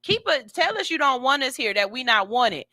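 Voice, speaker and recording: Lady hosting morning radio, slangy and lively, bright voice, dry studio sound. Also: high voice, moderate pace, dry recording. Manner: animated, candid and slangy storytelling. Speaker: radio show host. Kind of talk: casual morning radio talk.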